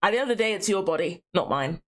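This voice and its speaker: A young woman giving casual let's-play commentary, playful and animated, often repeating herself for fun. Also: mid-range voice, quick pace. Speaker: gaming streamer.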